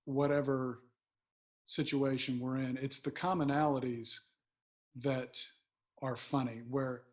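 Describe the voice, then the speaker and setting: A man's voice: mid-range voice, level tone, slow pace. A man appearing as a comedian guest in a conversational interview, talking in an easygoing, thoughtful, self-deprecating way.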